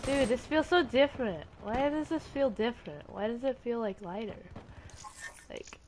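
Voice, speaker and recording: A young woman commenting casually while she plays a video game, chatty and excitable, talking to herself. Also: a little high, normal speed, slight background noise. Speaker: gaming streamer. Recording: game gunfire behind voice. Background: video game gunfire and explosions.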